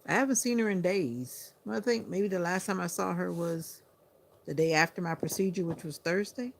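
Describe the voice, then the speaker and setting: A sleepy woman hosting a livestream, chatting to viewers in an unhurried, casual way. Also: fairly low pitch, gravelly. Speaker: livestream host.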